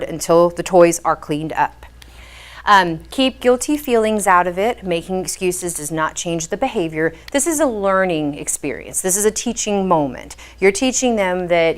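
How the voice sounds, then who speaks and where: Woman behavior specialist, instructional talk for parents, patient and explanatory. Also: mid-range voice. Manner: patient, explanatory, frequent "um" fillers.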